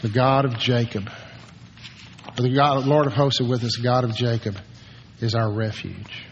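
An older man preaching a sermon as pastor, moving from hushed, slow words to shouted commands for quiet. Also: medium pitch, steady tone, muffled recording, a little hiss or hum. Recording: long hall reverb.

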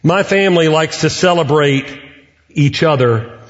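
A middle-aged man preaching a sermon as a pastor, earnest and deliberate, with measured pauses. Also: on the high side. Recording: reverberant hall, muffled sound.

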